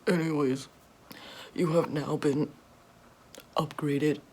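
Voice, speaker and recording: A young woman voicing a greedy, cruel billionaire boss man in a comic whispered role-play, with a put-on deeper, soft, whispery voice and a smug, mocking manner. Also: steady tone, slow pace, a little hiss or hum. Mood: boastful.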